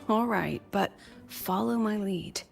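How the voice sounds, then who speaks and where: Wry woman professor in a game, slow and hushed, gravelly edge. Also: mid-range voice, soft background music. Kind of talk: game voice acting.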